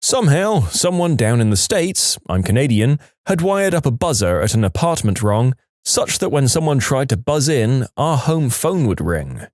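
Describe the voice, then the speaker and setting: A man narrating submitted stories in a relaxed, conversational storytelling manner. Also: medium pitch, normal speed, no echo, clean studio sound.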